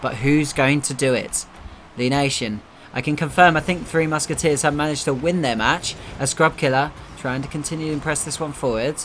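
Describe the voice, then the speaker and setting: A man from the United Kingdom calls an esports match live on a headset, his voice sitting a bit high. He rattles through the play, chats between plays and bursts out loudly at each goal. A faint hiss runs behind him. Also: moderate pace. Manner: excitable, jumps up loudly at goals, chatty asides. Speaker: esports caster.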